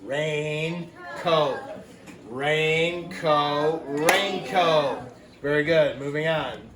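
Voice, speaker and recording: Guy teaching kids phonics, kinda high voice, echoey room w/ noise, says every word twice. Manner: patient, explains words slowly and repeats them. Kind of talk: phonics lesson for young children.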